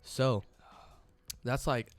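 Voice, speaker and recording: A man's voice: medium pitch, steady tone, drawn-out words, soft background music. A young man casually asking questions during a hot wing challenge, upbeat and teasing. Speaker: youth group co-host.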